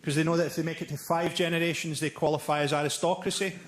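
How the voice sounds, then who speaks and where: A man doing live stand-up comedy, with a deadpan, dark, sardonic delivery and mocking impressions. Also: fairly high pitch, quick pace. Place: theatre stage before a laughing audience. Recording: live theatre recording with loud crowd noise.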